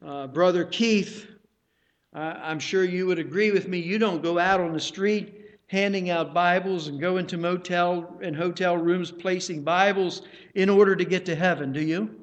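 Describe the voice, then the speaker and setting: A man's voice: sits high, steady tone, moderate pace, highs cut off. A male pastor preaching a sermon to his congregation, stressing key words and speaking straight to the listeners.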